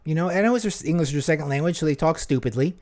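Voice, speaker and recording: A man's voice: fairly high pitch, lively intonation, rapid-fire, a little mellow. A man co-hosting a podcast, chatting casually in a jokey, rambling way with lots of "like.". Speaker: podcast co-host. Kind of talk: casual chat.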